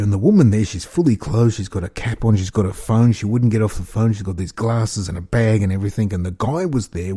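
Husky, dark-voiced Australian man ranting. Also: fairly low pitch. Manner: rambling and incredulous, with chuckles. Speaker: vlogger. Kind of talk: casual rant monologue.

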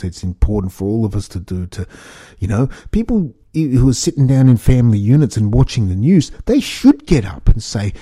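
A man's voice: lowish voice, dark tone, slightly rough, dry recording, clean studio sound. Angry man ranting on a podcast. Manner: angry, repetitive, swearing, stumbling restarts. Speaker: podcast host.

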